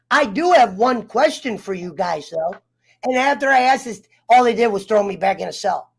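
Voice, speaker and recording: Fired-up american guy swearing thru a story, gravelly fry all over. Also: high voice, animated, moderate pace. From United States. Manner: heated, profane, fired up. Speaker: round table guest. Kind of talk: casual chat, personal storytelling.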